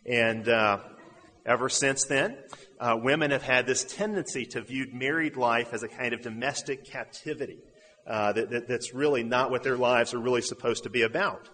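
A man's voice: mid-range voice, normal speed, sharp tone, big-room sound. A man from the southern United States preaching a sermon, earnest, with rhetorical questions and repeated phrases.

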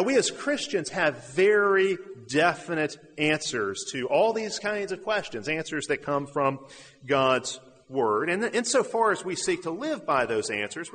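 A man's voice: fairly high pitch, a bit bright, big-room sound. A man from the southern United States preaching a sermon, earnest, with rhetorical questions and repeated phrases.

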